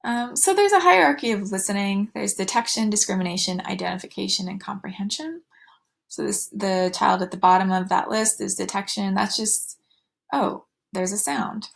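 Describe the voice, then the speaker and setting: A woman's voice: medium pitch, fairly quick, gravelly. A woman teaching a recorded slide lecture, with fillers and restarts, going sing-song when she models talk to children.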